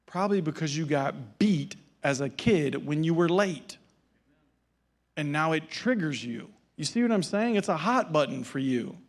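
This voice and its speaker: A male pastor preaching a sermon through relaxed, conversational storytelling, acting out the people in his anecdotes. His voice sits a bit high for a man and has a gravelly, creaky texture. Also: normal speed. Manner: casual storytelling with acted-out dialogue.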